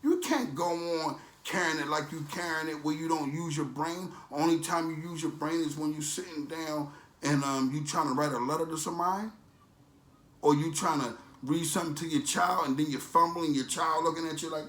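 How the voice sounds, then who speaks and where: A man's voice: on the high side, steady tone, normal speed, fairly bright tone, roomy sound. A man ranting in a preachy, motivational way as a vlogger, with emphatic, streetwise, repetitive phrasing. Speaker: vlogger promoting a supplement.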